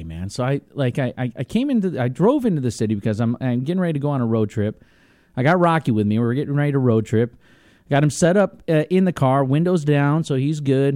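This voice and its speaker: A man's voice: mid-range voice, warm tone, no echo. A young man hosting a talk radio show, chatting casually in a studio and laughing often.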